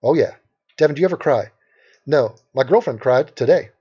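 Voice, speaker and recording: A man's voice: mid-range voice, lively intonation, a little fast, dark tone, breathy edge. A man from Los Angeles hosting a casual livestream, brash and sarcastic as he reads out and answers questions from the chat. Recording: dull lo-fi stream audio.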